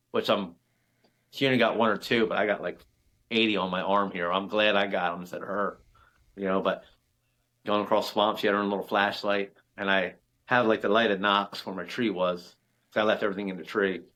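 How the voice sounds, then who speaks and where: A man's voice: low-pitched, fairly bright tone. A man guest on a podcast, telling a hunting story in a loose, rambling way, full of fillers and the odd swear word. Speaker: hunter and father. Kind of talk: casual storytelling.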